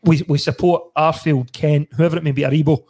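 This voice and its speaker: Laughing, sweary Scottish lad. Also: male voice, a little high, fairly even intonation, a little fast, a little mellow. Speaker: podcast host. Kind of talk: casual chat.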